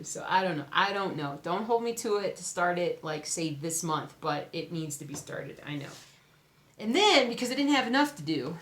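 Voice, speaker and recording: A woman vlogging casually to camera about her cross-stitch projects, chatty and excitable, often exclaiming. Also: fairly low pitch, normal speed. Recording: echoey room, faint background noise.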